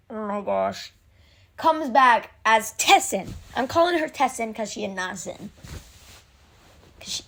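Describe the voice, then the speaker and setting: A woman excitedly recapping an episode in a casual, rambling way, with many fillers and restarts. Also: fairly high pitch.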